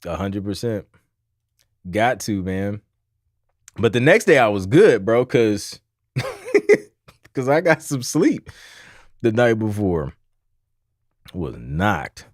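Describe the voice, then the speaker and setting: A man's voice: fairly low pitch, huge pitch swings, slow, pauses often, no echo. Dry-voiced man telling a rambling story. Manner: rambling, laughs between phrases, repeats himself. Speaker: livestream host. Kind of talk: casual storytelling chat.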